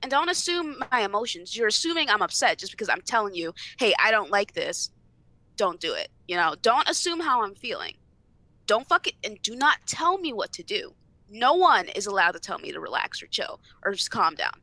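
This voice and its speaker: A woman's voice: fairly high pitch, very animated, fairly quick, bright, forceful tone, no echo. A young woman on a casual podcast, ranting animatedly and swearing freely. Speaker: podcast co-host.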